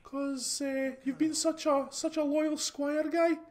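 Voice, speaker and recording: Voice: sits high, flat delivery, slow pace, a little mellow. A host with a Scottish accent giving casual, rambling commentary over gameplay, chatty and full of restarts. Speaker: gaming channel host.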